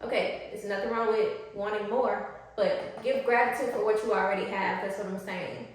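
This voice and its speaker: A woman life coach teaching casually, animated and slangy, acting out quotes from people she describes. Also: normal speed, recorded from a distance. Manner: animated, slangy, acts out high-pitched quotes. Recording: very echoey room.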